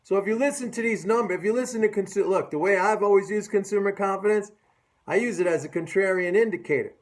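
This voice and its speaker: A middle-aged man with a notably high-pitched voice delivers a loose, sarcastic rant about the market. He mocks his audience, hammers his points home by repeating them, and talks like a seasoned trader. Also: quick pace. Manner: sarcastic and mocking; emphatic, repeats phrases. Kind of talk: casual market commentary rant.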